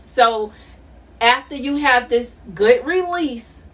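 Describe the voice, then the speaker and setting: A woman's voice: fairly high pitch, animated, slow, a bit bright, recorded from a distance. A middle-aged woman doing a live tarot reading, emphatic and repetitive, laughing often. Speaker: intuitive tarot reader.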